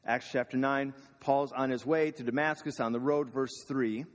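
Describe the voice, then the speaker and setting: A man's voice: mid-range voice, steady tone, moderate pace. A man preaching a sermon in a casual, conversational way, asking the listeners questions. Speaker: pastor. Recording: long reverb of a hall.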